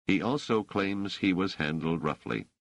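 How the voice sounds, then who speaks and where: A man's voice: low voice, unhurried, vocal fry, no room sound, voice pushed up, exaggerated voice. A man voicing a stern, sarcastic police interrogator. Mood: interrogating. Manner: flat, probing, faintly sarcastic. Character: stern male police officer, coolly interrogating.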